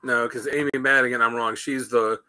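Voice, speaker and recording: A man's voice: mid-range voice, fairly even intonation, brisk, sharp tone, clean tone, no echo. A man co-hosting a casual talk show, rambling through stories and acting out quotes. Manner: rambling, storytelling, acts out quotes. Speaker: podcast co-host. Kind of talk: casual chat.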